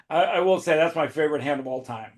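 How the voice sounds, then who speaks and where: A man with a slightly high-pitched voice hosting a casual podcast. He tells his stories in an animated way and laughs often. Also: fairly quick. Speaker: podcast host. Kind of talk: casual storytelling chat.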